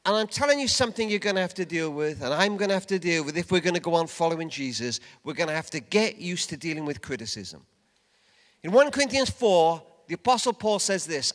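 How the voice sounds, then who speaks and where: Lively high-voiced older man preaching. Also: brisk. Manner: emphatic, swings from loud urging to hushed low asides. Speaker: conference speaker. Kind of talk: sermon. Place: large event hall. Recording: long reverb of a large hall.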